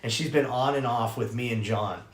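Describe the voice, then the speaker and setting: A young man, a podcast host, telling a story in casual chat, animated and profane, acting out the voices of people he quotes. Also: mid-range voice, normal speed. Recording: roomy echo.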